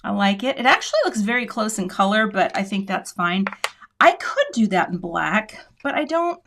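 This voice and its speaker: Her voice is on the high side with a fairly bright tone as this middle-aged woman runs a live crafting stream. She chats informally with viewers and muses aloud as she crafts.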